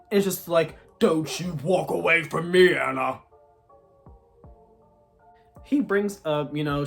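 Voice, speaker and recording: A reviewer recaps a TV episode in an exasperated, ranting way, scattering "like" through every sentence. The tone stays casual and conversational. Faint music plays underneath. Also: mid-range voice. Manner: exasperated, ranting, heavy use of "like". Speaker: TV show reviewer. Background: faint background music.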